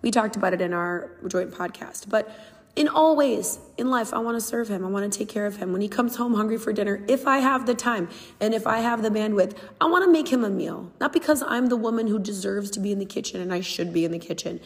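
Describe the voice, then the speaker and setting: A woman's voice: medium pitch, a little fast. Young female podcast host, candid and emphatic, reverberant room sound. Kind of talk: casual solo podcast talk.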